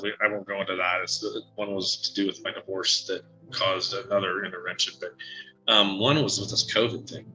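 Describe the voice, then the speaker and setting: A man, a psychic medium guest, telling a personal story in a halting, emotional way with many fillers and restarts. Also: fairly low pitch, sharp tone, poor audio. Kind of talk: casual interview storytelling.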